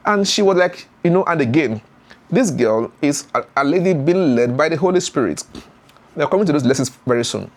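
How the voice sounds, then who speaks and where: A man's voice: fairly high pitch, brisk. A man, retelling a story as a YouTube commentator with many fillers and acted-out voices. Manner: animated retelling with frequent fillers, acts out voices.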